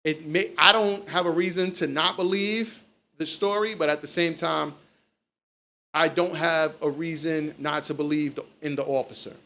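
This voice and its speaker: A man's voice: fairly high pitch, fairly even intonation, normal speed, bright, forceful tone. A man hosting a casual chat, telling stories loosely and swearing freely. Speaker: podcast host.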